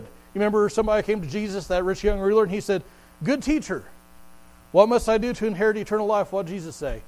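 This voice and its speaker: A man with a high voice preaches a sermon in a plain, conversational manner, often repeating words as he builds his points. He slows right down to lean on each scripture quote. A faint electrical hum runs under the recording. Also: a little mellow, poor audio. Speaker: pastor.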